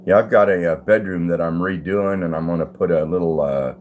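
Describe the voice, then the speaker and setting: A man's voice: low voice, brisk, narrow, tinny audio, a little hiss or hum. An older man hosting a casual live stream at home, greeting viewers by name and chuckling easily. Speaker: livestream host. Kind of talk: casual live chat reading comments. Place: at home, indoors.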